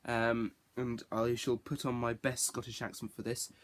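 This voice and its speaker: A TV show reviewer gives a casual spoken review, rambling, chatty, and correcting himself as he goes. His voice is medium-pitched with little pitch movement at a moderate pace, and there's a little hiss or hum.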